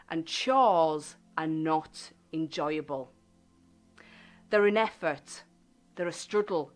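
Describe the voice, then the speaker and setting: A woman hosting a self-help radio show, speaking gently and deliberately and stressing key words. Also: medium pitch.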